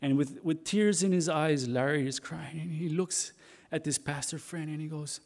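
A man preaching a storytelling sermon in a somewhat high, gravelly voice. He halts at times and repeats himself as he goes. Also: darkish tone. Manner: halting, repeats and restarts words.

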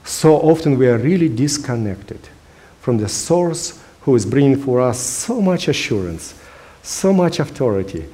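A man's voice: medium pitch, big pitch swings, unhurried, warm tone. A man preaching a sermon in English, which is not his first language, earnest and emphatic with frequent hesitations. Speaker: pastor.

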